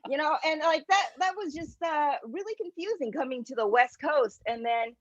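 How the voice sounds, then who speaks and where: A woman's voice: sits high, normal speed, no echo, lo-fi sound. A woman doing stand-up comedy over a video call, talking in a chatty, rambling way with lots of fillers. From Connecticut, US.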